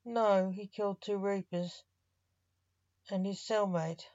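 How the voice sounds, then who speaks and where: A woman reading a short story aloud in a measured, unhurried way. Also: medium pitch, steady tone, a little mellow, no echo. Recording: slightly dull dry recording.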